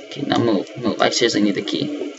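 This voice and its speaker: A man's voice: on the low side, steady tone, quick pace, highs cut off, background noise. A young man giving nervous running commentary on a horror game, breaking into panicked repeated words and yelps. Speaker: let's play gamer.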